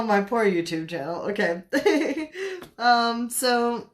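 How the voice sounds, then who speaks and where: A woman's voice: a little high, takes it slowly. Giggly, scattered woman chatting on a livestream. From Canada. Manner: giggly, scattered, talks to viewers' comments. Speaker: spiritual livestream host. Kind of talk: casual livestream chat.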